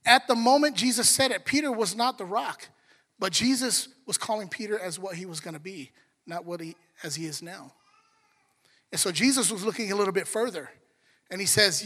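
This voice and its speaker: A man's voice: sits high, moderate pace, bright, forceful tone, in a large hall. A man preaching a sermon as a pastor, joking and talking conversationally with the congregation. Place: church sanctuary.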